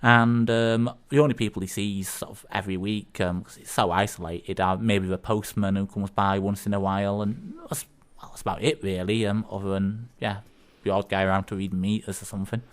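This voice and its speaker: A man's voice: lowish voice, fairly even intonation, fairly quick. A man co-hosting a casual community radio show, talking in a rambling, hesitant way with lots of ums, recorded in a studio. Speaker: radio co-host.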